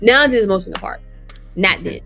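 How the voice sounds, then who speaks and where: A woman speaking in an earnest, conversational way as an interview guest, at an everyday middle pitch. She tells her story in her own words and often slips into quoting what she was thinking. Soft music plays faintly behind her. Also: lively intonation, fast talker, vocal fry. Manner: earnest, conversational, drops into quoted thoughts. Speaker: guest, cancer survivor. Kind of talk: candid personal storytelling.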